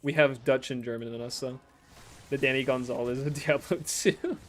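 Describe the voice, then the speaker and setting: A young man from the States chats loosely while streaming, reading messages aloud and riffing on them. His voice sits at an ordinary middle pitch, and he laughs often and swears without a second thought. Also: fairly even intonation, moderate pace, a little hiss or hum. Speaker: game streamer. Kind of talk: casual chat while reading viewer messages.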